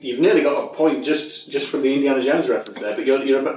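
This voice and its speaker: A man's voice: mid-range voice, very fast, darkish tone. A man co-hosting a podcast, joking casually and restarting sentences in a stammering way. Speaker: podcast co-host. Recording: roomy studio echo.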